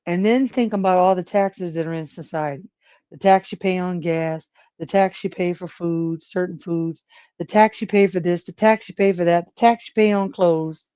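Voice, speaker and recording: A woman's voice: fairly low pitch, fairly even intonation, moderate pace, warm tone, smooth, no echo. A woman hosting a casual livestream, rambling about everyday topics, laughing often and chatting with viewers. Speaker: livestream host.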